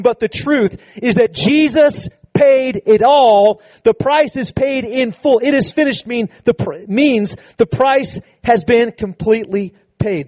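A man preaching a sermon to a congregation, emphatic, slowing down on key phrases and leading call-and-response. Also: extremely high pitch, a little mellow, no room sound. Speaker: pastor.

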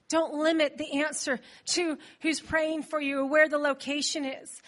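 High, bright-voiced woman preacher. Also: normal speed, few pauses. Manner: animated storytelling, acting out voices with laughs. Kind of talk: sermon. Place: church.

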